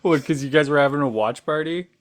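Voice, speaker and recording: A man's voice: fairly high pitch, fast talker. A man hosting a livestream, chatting loosely and swearing freely, full of "like". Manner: loose, profane storytelling with lots of "like". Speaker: livestream host. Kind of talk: casual livestream chat.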